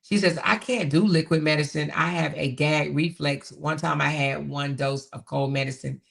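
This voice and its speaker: A woman's voice: low voice, steady tone, moderate pace, vocal fry, a bit bright. A woman hosting a casual livestream, reading viewer comments aloud in a chatty way, repeating herself and laughing often. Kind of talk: casual live chat.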